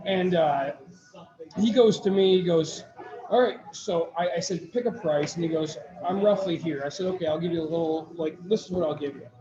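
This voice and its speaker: A man's voice: on the high side, brisk. A man co-hosting a podcast, telling a long story in casual chat, rambling with restarts and quoting what others said. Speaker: podcast co-host. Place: brewery taproom. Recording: echoey taproom with crowd chatter, dull sound.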